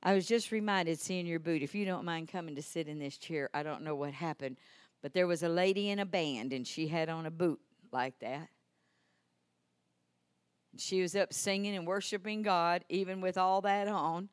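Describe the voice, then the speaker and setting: A woman preaching a healing sermon in a church service, impassioned and swinging from loud proclamations to soft asides. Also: fairly low pitch, normal speed, smooth, no echo, clean studio sound.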